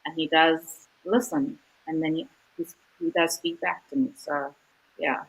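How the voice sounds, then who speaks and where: A woman's voice: low-pitched, steady tone, unhurried, husky, low-quality recording. A woman author speaking as an interview guest, earnest and reflective, talking in a candid, informal way with frequent "like" and "you know.".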